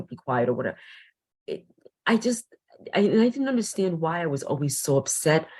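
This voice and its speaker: A woman's voice: sits low, a little mellow, husky. A woman teacher guesting on a podcast, speaking hesitantly with frequent restarts and ums. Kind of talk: podcast interview.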